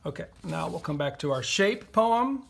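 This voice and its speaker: A man's voice: on the high side, animated, normal speed, vocal fry. A man teaching a poetry lesson to young children, patiently sounding out words and syllables.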